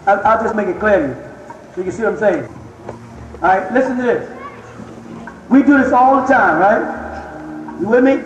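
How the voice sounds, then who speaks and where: A very high-pitched man teaches a live audience in a large hall. He speaks emphatically and keeps asking whether they follow. The sound is roomy with a long echo, and faint music plays underneath. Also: animated, moderate pace, long pauses. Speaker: religious teacher lecturing an audience. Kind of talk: live lecture with audience questions.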